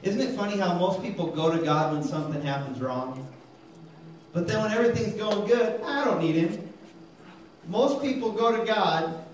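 Preacher guy hyping the crowd for amens, kinda high voice, big echo, mic far off. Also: normal speed, a little hiss or hum. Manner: energetic, calls for amens, tells jokes. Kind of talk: sermon. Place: church hall. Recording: very echoey hall, mic far off.

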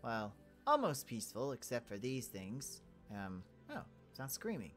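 Low animated woman host in a game role-play, big swings in her delivery. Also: moderate pace, faint music behind. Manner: animated, jumping between alarm and calm musing. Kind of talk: in-character role-play chat with a channel outro.

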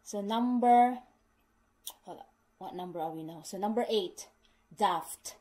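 A woman's voice: mid-range voice, a little slow, a little mellow, rough recording. A middle-aged woman explaining slang to her viewers in casual speech, repeating herself patiently and calling them guys, with non-native English phrasing. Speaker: vlogger teaching British slang.

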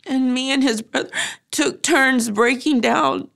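A middle-aged woman speaking haltingly as she recounts her loss in a personal testimony, often pausing and using fillers. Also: sits high, steady tone, creaky, a bit bright. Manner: halting, grief-stricken, frequent fillers. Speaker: grieving mother interviewee.

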